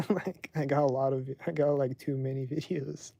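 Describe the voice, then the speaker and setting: Hosting a livestream podcast of his own, a man rambles in a relaxed way and fills his speech with "like." His mid-range voice is gravelly and warm, unhurried, with no echo.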